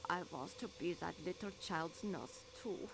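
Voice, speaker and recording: A devout, emotional old nurse, halting and earnest as she speaks. Her voice sits fairly low. A clear hum runs under the game audio. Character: pious older female nurse, tearful and devout.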